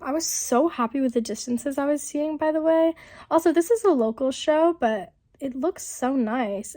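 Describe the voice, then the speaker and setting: A young woman talks through her vlog footage in a loose, chatty voiceover, full of fillers and side remarks. Her voice sits a little high but sounds rough and sick from an illness that has not cleared up. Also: darkish tone. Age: young adult. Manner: chatty, rambling, many fillers. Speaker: vlogger. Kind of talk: casual voiceover narration. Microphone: voiceover mic.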